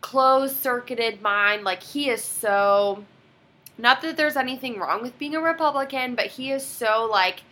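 A woman in her twenties telling a personal story in casual chat, animated and quoting others dramatically. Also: a little high, unhurried.

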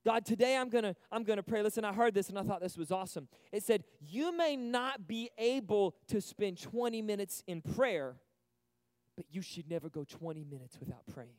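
A young man preaching an animated sermon to a church youth group, swinging from loud bursts to hushed moments. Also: sits high, moderate pace, dry recording, clean studio sound. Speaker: youth pastor. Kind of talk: energetic sermon. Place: church service stage.

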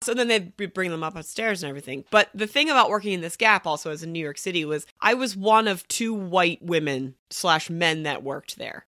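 Bright-voiced woman telling a rambling story. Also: on the low side, expressive, fairly quick, few pauses, no echo, clean studio sound. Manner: chatty, rambling with many likes. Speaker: podcast guest. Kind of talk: casual storytelling.

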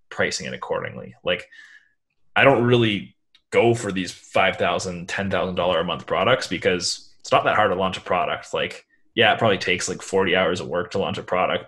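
A man, a guest talking casually in an interview, rambling with lots of fillers. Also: deep voice. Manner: relaxed, rambling, many "like" fillers. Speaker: guest, online seller.

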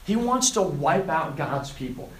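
Animated preacher man in an echoey room. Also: fairly high pitch, a little slow. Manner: animated storytelling, acts out quoted lines. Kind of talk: sermon to a student group.

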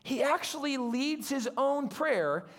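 A man preaching as a guest pastor, telling a story in an animated way and acting out the voices of the people in it. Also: very high-pitched, slow. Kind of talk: storytelling sermon.

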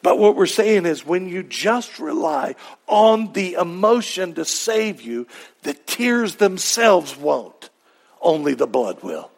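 Slow, high-voiced preaching man. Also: very animated, creaky. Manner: emphatic preaching with repeated refrains and rhetorical questions. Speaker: pastor. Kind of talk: sermon.

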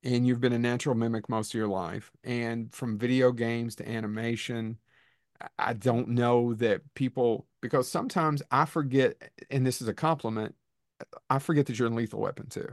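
A man's voice: mid-range voice, fairly even intonation, moderate pace, no echo. Eager stammering male host, dry sound. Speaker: podcast host. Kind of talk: casual interview.

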